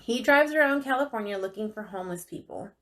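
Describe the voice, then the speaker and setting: A woman's voice: mid-range voice, lively intonation, fast, a bit bright. A woman co-hosting a podcast, telling a feel-good story in an upbeat, chatty way. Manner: upbeat and enthusiastic. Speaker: podcast co-host. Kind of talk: casual storytelling chat.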